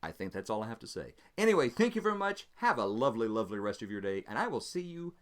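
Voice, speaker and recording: Man, solo tabletop game host, casual narration, chatty, laughs easily, animated pitch. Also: fast talker.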